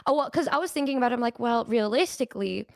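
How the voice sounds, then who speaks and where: A woman's voice: a little high, expressive, creaky, no room sound. Young woman rambling, close dry sound. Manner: self-deprecating, swearing, fast rambling. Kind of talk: casual chat.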